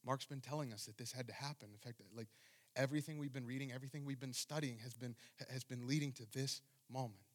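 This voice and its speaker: A man's voice: mid-range voice, fairly even intonation, fast talker. A man preaching a sermon as pastor, reading scripture and speaking with fervent emphasis.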